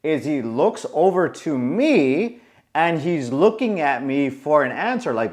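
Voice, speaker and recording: A man in his forties tells a story straight to camera, casual and animated, acting out the people in it. His voice sits a little high and swings widely in pitch. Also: a little slow. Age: 40s. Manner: animated, acts out quoted voices. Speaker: coach.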